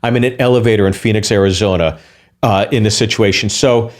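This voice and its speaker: A guest comedian with a voice on the low side tells a story in a lively podcast chat, restarting quickly and acting out quotes.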